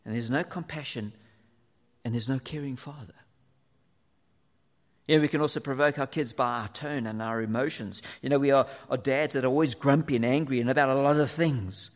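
Earnest male preacher in a reverberant hall. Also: mid-range voice. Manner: earnest, lively, drops to near whisper for emphasis. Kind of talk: sermon to fathers.

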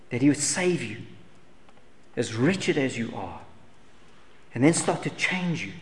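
Earnest man preaching in an echoing hall. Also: medium pitch. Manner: earnest, repeated rhetorical questions, swings between loud emphasis and hushed lines. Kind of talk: sermon. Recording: long hall reverb, faint noise.

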